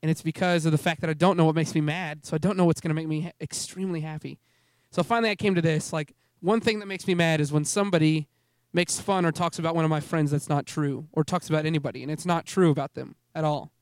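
Speaking fast at a fairly high pitch with fairly even intonation, a young man gives a heartfelt, rambling testimony sermon to a youth ministry gathering, frequently restarting sentences. The recording is dry and clean, studio-grade.

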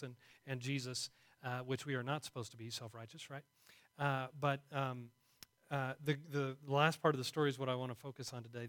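A man's voice: mid-range voice, fairly bright tone. A man preaching a sermon to a congregation in a conversational way, often asking them questions. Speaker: pastor.

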